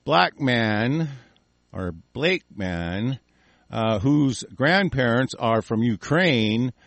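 A man hosting a small talk radio show, ranting with constant swearing, swinging between low muttering and angry bursts. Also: lively intonation, very slow, vocal fry, dry recording. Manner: profane, shouting in bursts, mumbling asides. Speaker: radio host.

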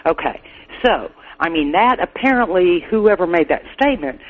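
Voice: medium pitch, lively intonation, moderate pace. Chatty caller on a tinny phone line. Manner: chatty, hesitant, filler-heavy. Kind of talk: casual call-in chat.

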